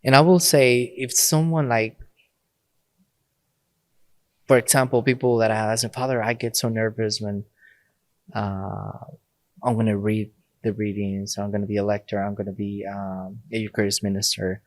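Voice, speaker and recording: A man with a lowish voice speaks in a relaxed, conversational way, often breaking into laughter as he tells stories. He is a priest guest on a podcast, and the recording is dry, with no room sound. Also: normal speed, pauses often, no room sound. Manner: laughs often while telling stories, acts out quoted lines. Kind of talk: casual conversational storytelling.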